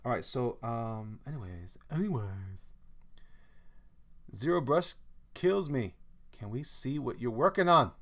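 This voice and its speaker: Animated man chatting while drawing live. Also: medium pitch, measured pace, pauses often. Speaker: artist streaming his drawing. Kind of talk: casual live-stream chat.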